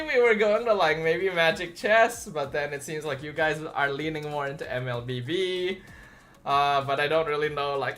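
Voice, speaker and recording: Tired, rambling young male streamer. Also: a little high. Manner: rambling, relaxed, many fillers and restarts. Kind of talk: casual livestream chat.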